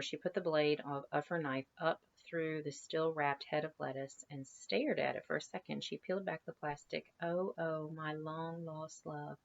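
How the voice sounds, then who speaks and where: Low, gravelly woman reading aloud to a class. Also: highs cut off. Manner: conversational, asks students questions between passages. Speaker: teacher.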